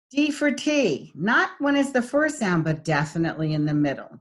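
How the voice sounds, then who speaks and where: A woman's voice: fairly low pitch, sing-song, a little slow, hardly any pauses. A woman teaching an online diction class, speaking animatedly and exaggerating sounds to demonstrate them.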